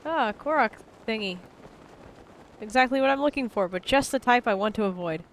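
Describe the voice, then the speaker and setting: A woman chatting over her gameplay in a goofy, joking way, swearing now and then. Her voice sits a little high and swings up and down a lot as she reacts. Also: animated, moderate pace, slight background noise. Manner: goofy, playful, swears freely. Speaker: game streamer. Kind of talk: casual gameplay commentary.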